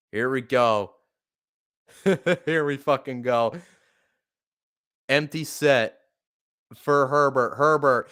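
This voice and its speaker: A man hosting a live fan play-by-play stream, calling the game casually and swearing freely, with big jumps in excitement. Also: on the high side, slow pace, long pauses, clean tone. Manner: excitable, profane, shouting when upset. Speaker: sports podcast host.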